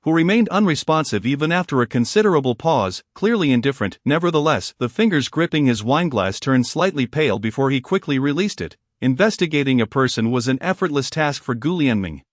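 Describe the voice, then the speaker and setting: A man reading a novel aloud as narrator, in an even, measured storytelling manner. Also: medium pitch, no echo, studio quality. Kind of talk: audiobook reading of a romance novel.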